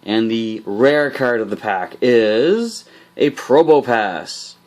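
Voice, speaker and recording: A man's voice: medium pitch, expressive, slow pace. A man hosting a booster pack opening, chatting upbeat and directly to his viewers. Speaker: host of a card game channel.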